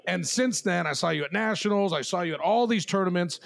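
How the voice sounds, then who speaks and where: A man hosting a podcast, animated and laughing as he tells a long story among friends. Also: sits high, fairly quick, vocal fry, slight background noise. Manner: animated, swears, laughs while telling stories. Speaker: podcast host. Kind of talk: storytelling in casual chat.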